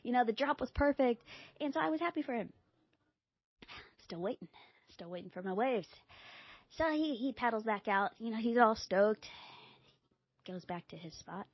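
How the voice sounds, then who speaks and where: Expressive woman podcast host with a dry, slightly dull recording. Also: moderate pace, pauses often, dry recording. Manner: animated, acts out quoted dialogue with big pitch jumps. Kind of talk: casual storytelling.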